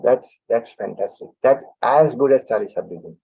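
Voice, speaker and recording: A man gives an animated public talk as a lecturer, often repeating and restarting his words. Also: medium pitch, normal speed, creaky, hardly any pauses, slightly rough. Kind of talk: public talk on yoga and science. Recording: tinny phone-like audio.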